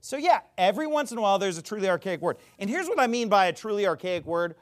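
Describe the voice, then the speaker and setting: A man's voice: sits high, very animated, quick pace. A man giving a ranting commentary, emphatic and sarcastic, who often stammers and restarts his sentences. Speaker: religious commentator.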